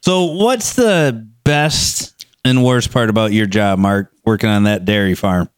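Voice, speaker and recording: A man's voice: fairly low pitch, a little slow, clean tone, no echo, studio quality. A man co-hosting a podcast in casual chat, trading joking, profane banter. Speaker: podcast co-host.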